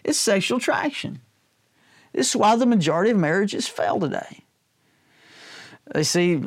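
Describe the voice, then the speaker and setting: A man's voice: sits high, big pitch swings, moderate pace, pauses often, no room sound, studio quality. A male pastor giving a sermon in a loose, conversational way, cracking jokes and often checking in with his listeners. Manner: conversational, joking, checks in with "all right?".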